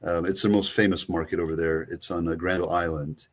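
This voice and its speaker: A man with a very low voice and a Greek accent talks through a travel itinerary in a loose, rambling way. He co-hosts a casual travel show and fills his sentences with ums and restarts. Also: flat delivery, fast talker. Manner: rambling, many fillers and restarts. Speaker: co-host, travel agent. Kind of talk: casual chat.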